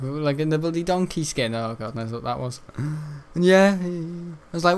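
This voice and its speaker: A man's voice: on the high side, moderate pace, hardly any pauses. A young man telling a school story while gaming, laughing often and tripping over his words. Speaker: gaming streamer.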